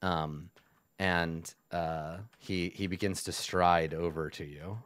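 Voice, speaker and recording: A man's voice: low voice, steady tone, takes it slowly, a bit bright, smooth, dry recording. A man narrating as game master in a casual, rambling way full of fillers.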